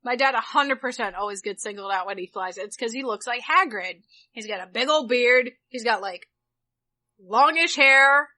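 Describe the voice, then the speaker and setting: A woman's voice: a little high, moderate pace. A woman in her twenties, a podcast co-host, telling stories in casual chat and acting out the people she quotes. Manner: animated storytelling, acts out quoted voices.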